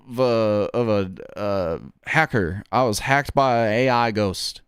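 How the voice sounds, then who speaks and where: A man's voice: medium pitch, normal speed, hardly any pauses, smooth, no echo, clean studio sound. A man chatting casually on a stream, rambling and swearing in a jokey, offhand way. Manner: rambling, profane, jokey, says "bro".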